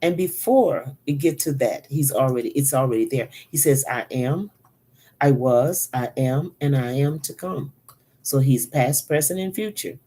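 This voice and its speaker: A woman's voice: very deep voice, a little slow, dark tone. A woman prophet giving an earnest sermon, repeating phrases for emphasis and now and then dropping to a whisper. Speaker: prophet and preacher. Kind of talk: spoken sermon teaching.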